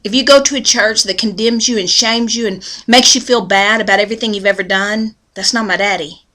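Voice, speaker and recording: Bright-voiced woman preaching. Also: medium pitch, steady tone, a little fast. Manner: earnest, folksy, preacherly. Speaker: devotional speaker. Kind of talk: storytelling devotional talk.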